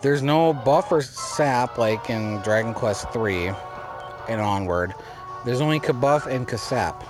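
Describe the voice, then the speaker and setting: He speaks slowly but expressively at a medium pitch, giving relaxed let's-play commentary. The talk drifts, with repetition and restarted sentences throughout. Game music sits in the background.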